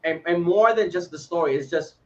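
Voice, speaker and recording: A man's voice: on the high side, fairly quick, darkish tone, lo-fi sound. A man co-hosting a podcast in casual chat, laid-back, laughing often and swearing freely. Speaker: podcast co-host.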